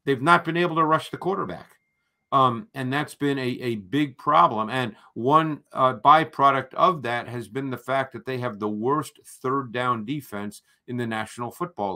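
Male analyst, mid-pitched, bright and forceful tone, measured explainer. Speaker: football analyst co-host. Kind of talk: analytical football discussion.

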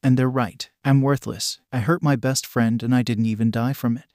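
A man's voice: mid-range voice, steady tone, normal speed, darkish tone, dry recording, clean studio sound, natural voice. A man voicing a distraught, guilt-ridden teenage boy who pleads in despairing questions.

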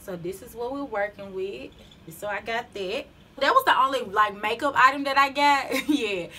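A woman's voice: on the high side, normal speed, pushed and bright. A young woman with a Southern US accent, chatting casually to viewers in a haul vlog, a little out of breath and laughing often. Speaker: beauty vlogger.

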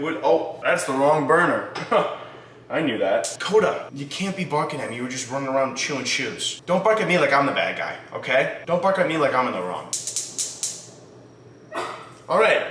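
A young man with a fairly high, bright, very animated voice chats excitably to camera and swears freely. He scolds his dog as he goes. The sound is echoey with faint noise behind him. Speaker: vlogger. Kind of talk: casual vlog chat. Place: indoors, home kitchen.

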